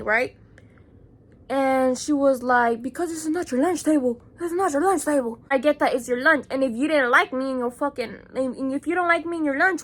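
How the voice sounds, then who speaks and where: Young chicago girl ranting a storytime, high voice, sharp and bright, swears a lot. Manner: heated, profane, lots of "like" fillers. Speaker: vlogger. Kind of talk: casual storytime vlog.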